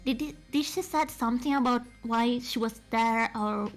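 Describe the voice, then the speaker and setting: A high-pitched woman with an Italian accent, chatty and giggly. She talks casually with friends while they read a game together. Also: normal speed, soft background music. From Italy. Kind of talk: casual chat, group game reading.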